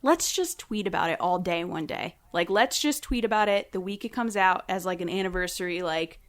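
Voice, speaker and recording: A woman guest on a casual podcast, telling a story with animated energy and acting out quotes in a raised voice. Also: fairly low pitch, brisk.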